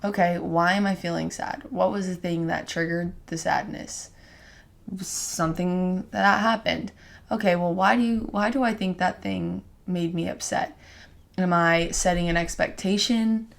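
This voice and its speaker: A young woman co-hosting a podcast speaks a little slowly in a lowish, gravelly voice with fairly even intonation. She rambles casually through her feelings, using "like" constantly, in earnest and openly emotional self-reflection.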